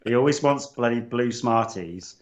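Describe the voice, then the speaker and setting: A man's voice: medium pitch, moderate pace. A man co-hosting a casual gaming podcast, joking and laughing often as he talks. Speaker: podcast co-host. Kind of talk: casual chat.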